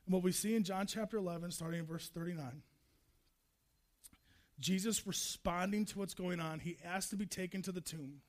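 A man preaching a sermon, emphatic, driving points home with repeated refrains and building to loud passages. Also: high voice, normal speed.

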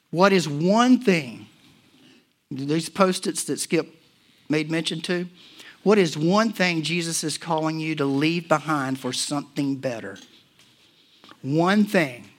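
A pastor, a man in his forties or older, preaching a sermon and telling personal stories, swinging between hushed and loud moments. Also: a little high, takes it slowly, long pauses. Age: 40s or older.

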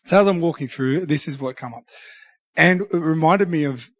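A man sharing a personal devotional reflection, earnest and halting, often restarting his sentences. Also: on the high side, no echo. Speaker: Christian speaker sharing a devotional.

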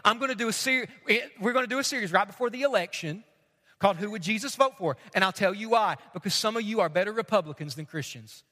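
High, bright-voiced preaching man. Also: fast talker, in a large hall. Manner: emphatic, repeats questions for effect. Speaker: pastor. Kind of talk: sermon.

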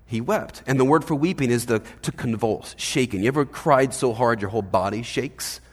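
Guy pastor preaching, chatty and lively, keeps saying right?, echo of a big church hall. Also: mid-range voice, normal speed, slightly rough. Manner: animated, conversational preaching with frequent "right?". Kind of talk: sermon.

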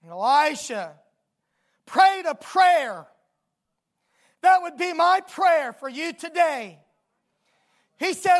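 High-voiced, slow, dramatic preacher. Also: lively intonation. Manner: dramatic storytelling with emphatic outbursts. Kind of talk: sermon.

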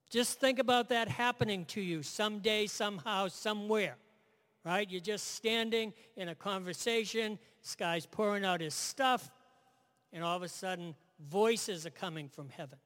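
Slow-preaching man in a reverberant hall. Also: high-pitched, a bit bright. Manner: conversational, repeats phrases, asks "right?". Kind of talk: sermon.

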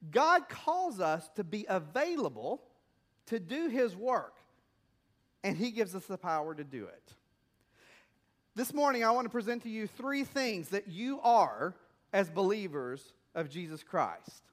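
A man's voice: sits high, big pitch swings, unhurried. A man preaching a sermon as a missionary pastor, telling stories and asking the congregation questions in a conversational way. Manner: conversational storytelling with rhetorical questions.

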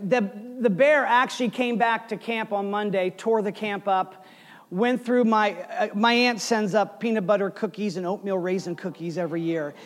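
High-voiced preacher man in a big echoing hall. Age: 40s. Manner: storytelling with lively swings between loud and hushed. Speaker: pastor. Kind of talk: sermon.

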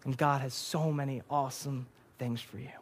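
A man's voice: mid-range voice, fairly even intonation, normal speed. A young man preaching a sermon from a church stage, earnest and emotional, often repeating words as he is moved.

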